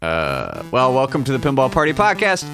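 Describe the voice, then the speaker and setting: Lively rambling male podcast host. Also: medium pitch, moderate pace, gravelly, soft background music. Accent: Midwestern American. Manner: rambling, joking, swearing, self-mocking. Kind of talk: casual solo podcast chat.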